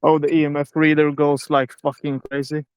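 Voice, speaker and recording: A man's voice: on the high side, monotone, moderate pace, a little mellow, smooth, dry recording. Jittery man on a ghost hunt. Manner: jumpy, swearing, questioning a spirit box. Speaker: live streamer. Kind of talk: live ghost-hunting stream. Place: old abandoned railway house. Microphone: handheld phone on a live stream.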